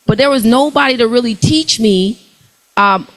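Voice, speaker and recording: Animated woman preaching money to a crowd. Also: fairly high pitch, moderate pace, poor audio. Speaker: workshop speaker. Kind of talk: motivational talk to a live audience.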